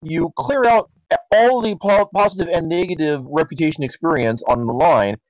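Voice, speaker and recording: A man acting as game master, explaining game rules in a matter-of-fact, halting way. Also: fairly high pitch, no echo, low-quality recording.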